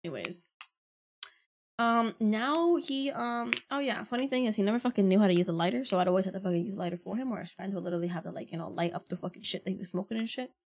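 A woman's voice: mid-range voice, quick pace, slight background noise. A woman in her early twenties, a podcast host telling stories in a blunt, casual way with heavy swearing. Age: early 20s. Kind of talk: casual storytelling.

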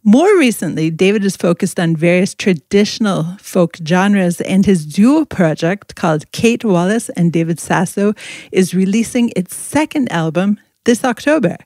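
A middle-aged woman hosts a relaxed interview, introducing her guest and asking questions in a friendly, conversational way. Her voice sits in an ordinary middle pitch and the recording is dry, with little room sound. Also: dry recording. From Indianapolis. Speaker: podcast host.

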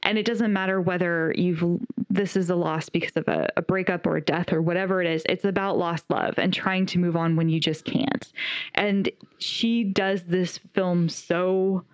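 A woman's voice: on the low side, fairly even intonation, moderate pace, no echo. A woman co-hosting a podcast, retelling a film's story in casual chat with eager enthusiasm and frequent laughter. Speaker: podcast co-host reviewing a film. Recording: dull, dry lo-fi recording.

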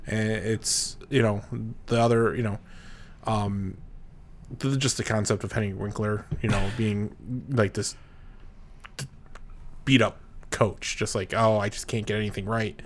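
A man with a fairly low voice co-hosts a movie podcast, giving his views in a halting way full of fillers. A faint hiss sits under his recording. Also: fairly even intonation. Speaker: podcast co-host. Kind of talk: casual movie review chat.

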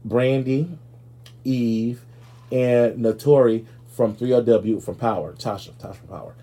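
A man with a husky, dark voice hosts a sassy comedy commentary show. He rants brashly and profanely, dishing gossip in a rolling, opinionated delivery. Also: mid-range voice, steady tone, a little slow. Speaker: show host.

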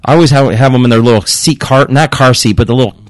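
Middle-aged man, casual chat, animated storyteller, acts out quotes, swears freely. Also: medium pitch, fast. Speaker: guest father.

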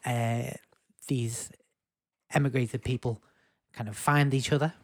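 A man's voice: mid-range voice, steady tone, takes it slowly, no echo. A man from England co-hosting a casual music podcast, rambling through his points with lots of ums and restarts. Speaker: podcast co-host.

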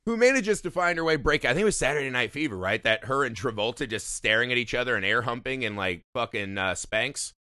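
A man co-hosting a casual film podcast, animated and joking, swearing freely. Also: medium pitch, fast, hardly any pauses, no room sound, studio quality. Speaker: podcast co-host.

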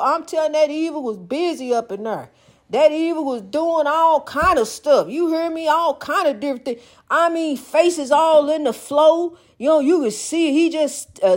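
High-voiced older woman preaching encouragement. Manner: preachy, exhorting, calls listener honey; rambling, repeats phrases. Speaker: vlogger. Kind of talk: spiritual pep talk.

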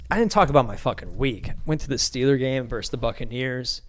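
A man's voice: medium pitch, expressive, a little fast. A young man from Pittsburgh hosting a solo podcast, talking loosely and profanely with lots of restarts. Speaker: podcast host. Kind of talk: casual solo podcast rant.

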